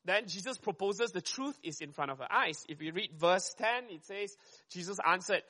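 A man preaching a sermon, talking fast and conversationally and often checking in with "right?". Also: high-pitched, expressive, bright, forceful tone.

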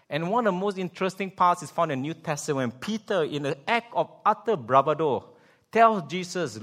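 A man's voice: on the high side, sing-song, moderate pace, a bit bright. A man preaching a sermon, asking rhetorical questions and acting out scenes with sound effects. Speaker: pastor.

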